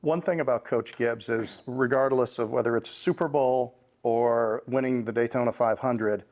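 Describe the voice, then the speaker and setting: Podcast host, male, mid-range voice, measured questioner. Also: mid-range voice, steady tone, darkish tone. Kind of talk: interview questions.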